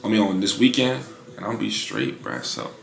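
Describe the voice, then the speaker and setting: A man's voice: fairly low pitch, big pitch swings, normal speed, creaky, a bit bright, reverberant. A man in his twenties talking casually in a vlog about his clothing brand, laid-back and slangy with lots of fillers. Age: 20s. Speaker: vlogger building a clothing brand.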